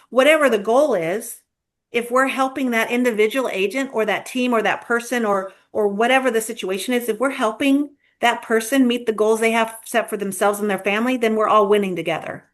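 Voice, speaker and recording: A woman's voice: fairly high pitch, fairly quick. A woman guest in a conversational interview, telling stories earnestly with frequent restarts. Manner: earnest, storytelling with repeated starts. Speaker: guest, real estate agent leader.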